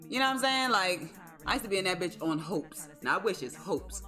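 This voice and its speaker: Animated, profane woman telling a story. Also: on the low side, moderate pace, soft background music. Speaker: livestreamer. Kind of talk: casual storytelling to a live stream.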